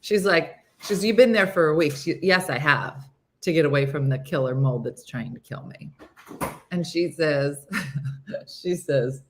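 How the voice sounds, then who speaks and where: A woman in her fifties hosting a casual morning show, telling a story with animated delivery and acting out her friends' voices. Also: low-pitched, measured pace, a little hiss or hum. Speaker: host.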